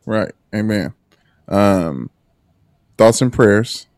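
A man with a lowish voice and dry, close sound talks on a podcast. He is earnest and halting, restarting his phrases and repeating words as he goes. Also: expressive, darkish tone, no echo. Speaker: podcast co-host. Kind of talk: casual chat.

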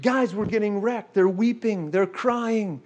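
A man preaching a sermon, telling a story in a lively way and often stopping to ask "okay?" and "guess what". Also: high-pitched, unhurried.

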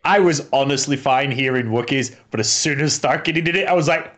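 A man's voice: medium pitch, fairly quick, fairly bright tone. A man co-hosting a casual podcast chat, teasing and laughing often. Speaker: co-host.

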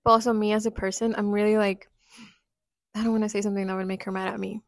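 A woman's voice: mid-range voice, little pitch movement, fast talker, dry recording. A young adult woman co-hosting a podcast in casual chat, thoughtful and hedging with lots of likes. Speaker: podcast co-host.

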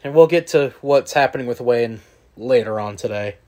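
A young man co-hosting a casual sports podcast, teasing his partner and quick to laugh. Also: mid-range voice, darkish tone. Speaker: podcast co-host.

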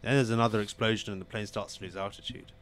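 A man telling jokes as a guest on a casual live stream, acting out his characters with lively shifts in voice. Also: quick pace. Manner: animated storyteller, raises pitch for quoted characters. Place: home setup on a live stream.

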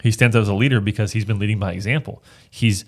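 Low-voiced pastor discussing scripture. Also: male voice, fairly even intonation, fast. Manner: earnest, reads verses aloud, frequent restarts. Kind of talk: casual Bible discussion.

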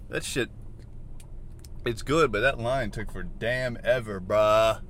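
A man's voice: medium pitch, unhurried, a bit bright. A young man rambling casually and jokingly while he drives, with loose, profane storytelling. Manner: loose, joking, profane, acts out his own reactions. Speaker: vlogger. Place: inside a car. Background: faint car and road noise.

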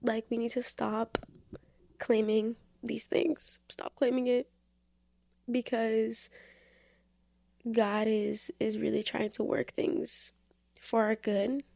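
A woman's voice: fairly high pitch, little pitch movement, slow pace, creaky, long pauses, a little mellow, no room sound, clean studio sound. A young woman hosting a casual Christian podcast, talking earnestly with lots of fillers. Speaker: podcast host. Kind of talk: casual faith talk.

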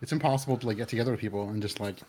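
A man's voice: fairly low pitch, rapid-fire, darkish tone, a little hiss or hum. A man hosting a casual interview chat, eager and enthusiastic, using casual slang. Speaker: host.

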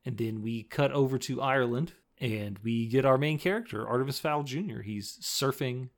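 Man, podcast co-host, casual film recap, animated, acts out quotes. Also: mid-range voice. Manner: animated, acts out quoted lines in quick put-on voices.

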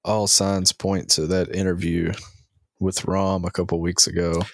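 Man, very deep voice, co-host, measured and hedging, dry sound. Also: flat delivery, vocal fry, no echo. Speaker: podcast co-host. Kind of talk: casual sports chat.

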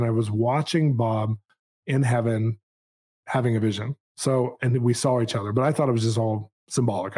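A man in his forties with a mid-pitched voice recounts a personal story in a relaxed podcast chat. He talks in an animated, self-amused way and slips quick asides into the telling. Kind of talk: casual storytelling.

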